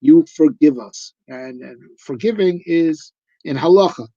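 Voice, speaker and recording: A man's voice: on the high side, measured pace, dark tone, dry recording. A male rabbi giving a live, conversational discourse on Torah, emphatic and full of rhetorical questions. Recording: dull lo-fi recording.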